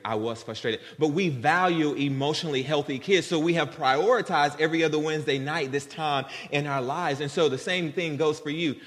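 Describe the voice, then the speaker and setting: A man's voice: mid-range voice, a bit bright. Man preaching in a reverberant hall. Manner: conversational, earnest, addresses congregation directly. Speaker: guest preacher. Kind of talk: sermon. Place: church sanctuary.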